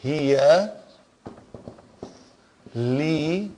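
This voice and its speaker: A man's voice: fairly high pitch, expressive, extremely slow, mellow, a little hiss or hum. A man teaching an Arabic grammar class, patiently explaining terms and often checking that his students follow.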